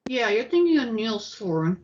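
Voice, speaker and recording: A woman's voice: a little high, very animated, normal speed, a little mellow, muffled recording. A woman co-hosting a casual chat reviewing a TV special, mostly giving short reactions and dry jokes. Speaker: podcast co-host.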